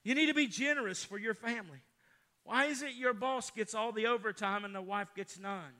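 Pastor guy preaching, high bright voice, gets loud then drops real quiet for stories. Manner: emphatic preaching, swings from loud to hushed storytelling. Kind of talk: sermon.

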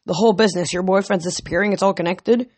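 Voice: medium pitch, fairly even intonation, fast, a little mellow, no room sound, close to an everyday voice. A reader doing an earnest unsure teen girl. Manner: hesitant then blurting. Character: unsure teen girl who blurts things out.

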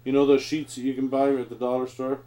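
A man's voice: mid-range voice, completely flat delivery, fast, mellow, slight background noise. A man chatting casually and swearing often while playing a tabletop war game. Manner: chatty, profane, rambling. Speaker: board game player.

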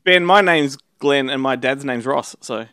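An upbeat male co-host opening a movie interview show in a friendly presenter way. His voice is smooth and resonant at a middle pitch. The recording is dry and close. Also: unhurried, pushed and bright, no room sound. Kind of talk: show introduction and casual chat.

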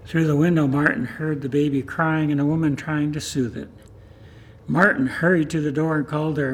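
A man's voice: fairly high pitch, normal speed, breathy edge. Man reading a story in church. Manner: steady, plain storytelling. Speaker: reader in a church service.

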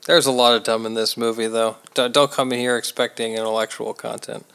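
A man's voice: medium pitch, flat delivery, brisk, creaky, fairly bright tone, smooth. A man co-hosting a casual movie review chat, joking in a dry, sarcastic way. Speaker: podcast co-host reviewing a movie.

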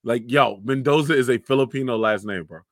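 A man's voice: medium pitch, a little fast, no echo, studio quality. A man co-hosting a casual chat, joking and cursing through playful trash talk. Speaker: podcast co-host.

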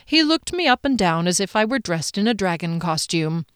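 A woman narrating a first-person audiobook in an expressive, bubbly way, her pitch leaping up on excited lines. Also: normal speed, clear, resonant tone, no room sound, studio quality.

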